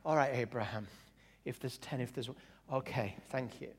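A man putting on God as a sheepish figure, dropping his voice low and quiet, mumbling apologies. A long reverb hangs after each phrase. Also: fairly even intonation, moderate pace, breathy edge, close to an everyday voice. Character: sheepish male God, humbled after a tantrum.

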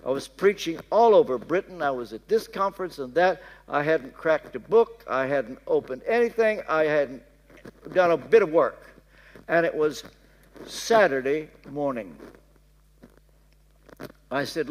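Older male preacher, Kentucky accent, storytelling sermon, high and lively voice. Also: slow, long pauses. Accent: Southern American, Kentucky. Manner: storytelling, dropping to soft hushed tones for prayers. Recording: reverberant hall.

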